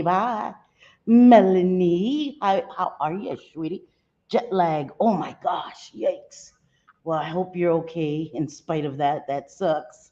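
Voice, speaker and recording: A woman's voice: medium pitch, warm tone, dull audio. A middle-aged woman hosting a casual home livestream, greeting viewers by name with pet names like sweetie. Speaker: livestream host.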